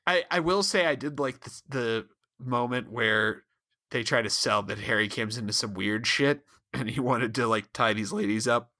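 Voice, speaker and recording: A man's voice: mid-range voice, normal speed, pushed and bright. A man co-hosting a podcast, chatting in a wry, laughing, slightly hesitant way. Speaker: podcast co-host. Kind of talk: casual chat.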